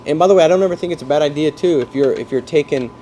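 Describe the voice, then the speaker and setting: A man coaching salespeople in an energetic talk, explaining through football comparisons and often checking that his listeners follow. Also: fairly high pitch, very fast, slight background noise. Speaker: sales trainer.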